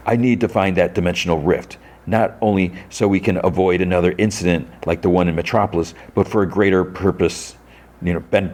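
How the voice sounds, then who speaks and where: A man with a deep, low voice talks through a TV episode in a loose, chatty recap. He leans on "like" constantly as he strings the action together. He slips in the characters' lines as he goes. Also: a little mellow. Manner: retells scenes with constant "like" and quoted lines. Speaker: podcast host.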